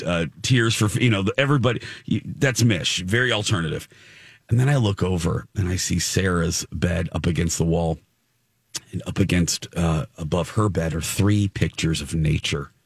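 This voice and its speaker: Low-voiced man telling a rambling story. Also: normal speed, husky, no echo, clean studio sound. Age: middle-aged. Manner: rambling, self-correcting storyteller. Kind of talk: casual storytelling chat.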